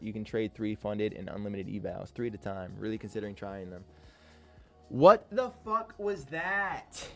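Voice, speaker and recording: Exasperated, swearing man trading live. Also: on the high side. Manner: exasperated, swears often, talks to himself about trades. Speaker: day trader streaming live. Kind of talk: live trading commentary, reading chat.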